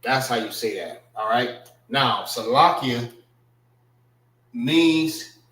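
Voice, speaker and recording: A man leads a class in a relaxed, slangy way and goes over each word again and again. He talks very slowly, and his voice sits in the middle of the range. The room around him is bare and echoey. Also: medium pitch. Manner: slow, repeats and spells out words, casual slang. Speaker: teacher. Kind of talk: classroom language lesson.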